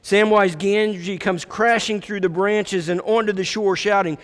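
A man's voice: high voice, steady tone, a little slow. A man preaching a sermon, retelling a story reflectively with repeated phrases. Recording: echoey hall reverb.

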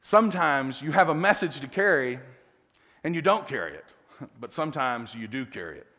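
A middle-aged man preaching a sermon, telling a family story with animated asides and chuckles. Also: medium pitch, normal speed. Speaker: pastor. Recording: long hall reverb.

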